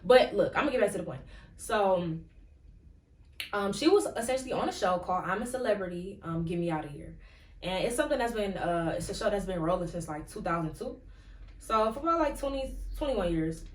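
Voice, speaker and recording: A woman's voice: mid-range voice, animated, a little fast. A woman hosting a podcast, talking in a casual, rambling way with lots of "like" and "um" fillers. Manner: rambling, chatty, full of "like" and "um". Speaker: podcast host. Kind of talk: casual solo commentary. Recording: echoey room, distant from mic.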